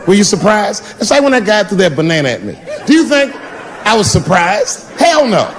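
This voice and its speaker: A brash middle-aged man performs stand-up on a handheld mic in a big theater, his voice swinging widely from low drawls up to high yelps. He is profane and drags his punchlines out long. Audience laughter and steady room noise sit behind him. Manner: brash, profane, drawn-out punchlines with playful voice shifts. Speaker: stand-up comedian. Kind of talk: stand-up comedy set. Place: large theater with live audience. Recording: live crowd laughter, background noise.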